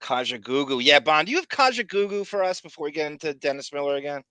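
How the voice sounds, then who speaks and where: A man's voice: fairly high pitch, quick pace, clear, resonant tone, no room sound. A man hosting a casual podcast, reading live chat and ranting with lots of laughter. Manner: animated, ranting, laughs often. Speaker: podcast host.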